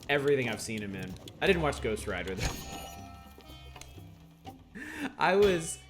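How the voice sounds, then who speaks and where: A man chatting casually with his viewers while he streams a video game. He rambles, greets chat by name and laughs often. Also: mid-range voice. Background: game music.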